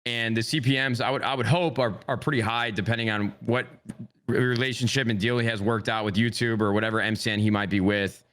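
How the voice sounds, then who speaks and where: A man's voice: mid-range voice, fairly even intonation, fast talker, a bit bright. A man co-hosting a podcast, talking enthusiastically and rambling, swearing freely. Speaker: podcast co-host. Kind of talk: casual podcast chat.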